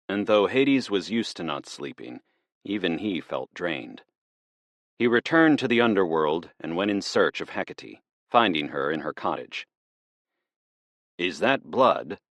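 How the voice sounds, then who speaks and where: A man with a very low, deep voice narrates an audiobook. His reading is measured but lively, rising and falling with the story. The recording is close and dry. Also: no echo.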